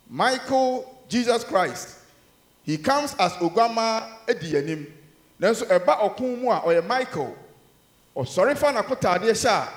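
A man with a Ghanaian accent preaching a sermon in a church, mixing Twi and English, emphatic with loud rises and low murmurs. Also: roomy sound.

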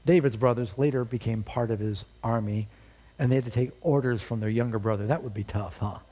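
A man's voice: medium pitch, a little fast, warm tone. A male preacher giving a sermon, retelling a story with dramatic storytelling and rhetorical questions.

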